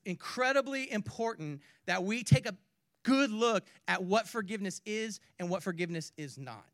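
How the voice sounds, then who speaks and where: A man preaching a sermon, swinging from hushed to loud and back, with playful asides. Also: high voice, lively intonation, normal speed, no room sound, studio quality. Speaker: pastor.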